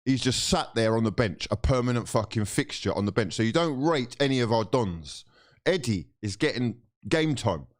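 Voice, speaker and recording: A young man, ranting in exasperation and swearing as a football fan reacting to a loss, swinging between shouting and muttering. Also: mid-range voice, lively intonation, moderate pace. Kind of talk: angry fan reaction rant.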